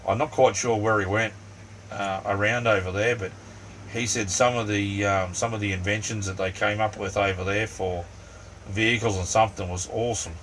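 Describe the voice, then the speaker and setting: Sitting in his small camper van, a middle-aged Australian man rambles through an easygoing live chat with viewers, dropping lots of ums and "mate." He speaks at a moderate pace in a lowish, steady, slightly bright voice. The mic is distant, and a fan hums faintly behind him.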